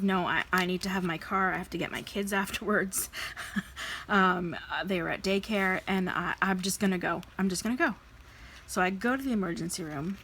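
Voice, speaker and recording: A woman in her thirties, a vlogger telling a personal story in a candid, animated way, acting out the people she quotes. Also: mid-range voice, slight background noise, poor audio. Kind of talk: casual storytelling while crafting.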